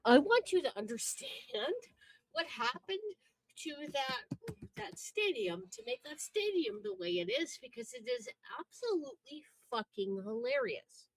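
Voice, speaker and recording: A woman from Wisconsin with a Wisconsin accent, co-hosting a casual chat over a remote call and telling stories in an animated, swearing, laughing way. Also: high-pitched, unhurried, dry recording, poor audio. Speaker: podcast co-host.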